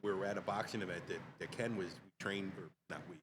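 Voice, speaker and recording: A man, a fitness trainer, chatting casually on a podcast and telling quick anecdotes in which he quotes other people's lines. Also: sits low, fairly even intonation, noisy background. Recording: loud crowd chatter behind.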